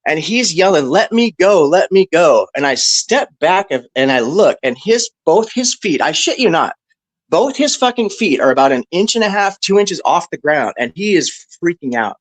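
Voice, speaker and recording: A man on a discussion panel telling a story casually, animated and profane, with lots of "bro" and "right". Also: on the high side, normal speed, no room sound, poor audio.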